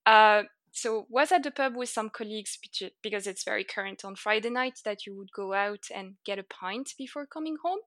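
A young woman with a French accent, chatting casually as an interview guest, laughing often and filling pauses with "uh" and "like". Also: mid-range voice, a bit bright, no room sound.

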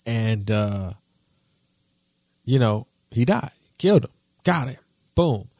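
A young man hosts his podcast alone, telling stories in a loose, slangy way. He jumps from loud, excited bursts to low asides, and his voice sits in a middle pitch. The sound is dry and close, with no room echo. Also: takes it slowly. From Detroit. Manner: animated, slangy, swings from loud exclamations to low muttering. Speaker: podcast host. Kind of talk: casual storytelling monologue.

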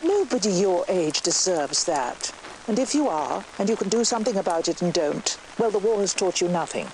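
Period drama: a direct, no-nonsense mother, low voice. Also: animated, normal speed, darkish tone, a little hiss or hum, poor audio. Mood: chiding. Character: frank, caring middle-aged mother.

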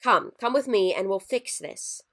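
A woman's voice: medium pitch, unhurried, fairly bright tone. A woman voicing a scheming reptilian male Santa creature in a story reading, eager and wheedling. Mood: pleading.

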